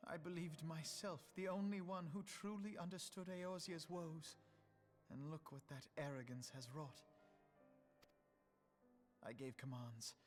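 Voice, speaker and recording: An actor playing a remorseful young male scholar-statesman who speaks slowly and broodingly, as game cutscene dialogue with music beneath. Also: a little high. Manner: slow, brooding, self-reproaching. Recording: game audio, distant, with music.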